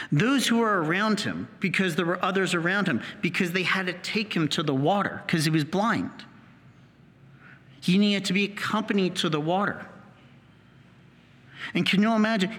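Priest, male, high bright voice, animated homily, church reverb. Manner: animated storytelling, acting out the healed man's voice. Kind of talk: sermon.

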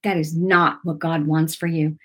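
A middle-aged woman preaching in an earnest, encouraging way, with a somewhat low and breathy voice. She talks to her listeners directly and often asks "right?" as she goes. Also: flat delivery, moderate pace, fairly bright tone. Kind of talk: informal sermon.

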